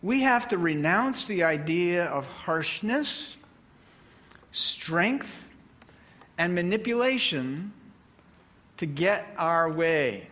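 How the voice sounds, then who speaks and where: Male pastor, sermon delivery, unhurried and measured, higher register. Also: animated, bright, forceful tone. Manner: slow, deliberate delivery with measured pauses. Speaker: preacher.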